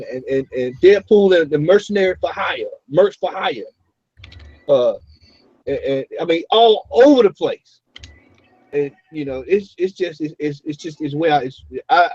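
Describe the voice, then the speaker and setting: Animated, repetitive man, husky and slightly high. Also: moderate pace, dry recording. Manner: animated, laughing, repeats words often. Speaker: podcast host. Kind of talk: casual roundtable chat. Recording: dull lo-fi recording.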